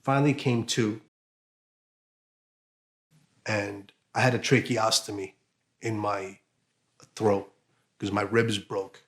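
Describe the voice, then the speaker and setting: A man with a fairly low voice tells his own story in an interview. His speech is halting and emotional, broken by fillers and restarts. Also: fairly even intonation. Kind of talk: emotional personal testimony.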